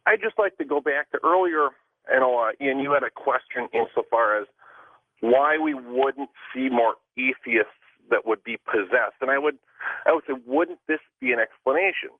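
A man calling in to a radio show, polite and measured. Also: mid-range voice, no room sound. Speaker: caller. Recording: tinny phone line on radio.

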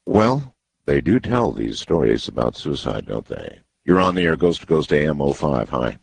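A man hosting a late-night call-in radio show, taking callers' stories with a slow, drawn-out delivery. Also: sing-song, dry recording. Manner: deep, gravelly, drawn-out delivery. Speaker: radio talk show host. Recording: radio broadcast sound.

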